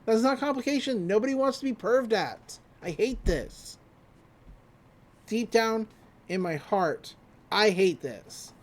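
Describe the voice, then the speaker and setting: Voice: mid-range voice, animated, slow. A podcast host rambles through a scene-by-scene anime recap. The delivery is loose and chatty, with frequent fillers and casual swearing. It sounds like friends talking rather than a scripted show.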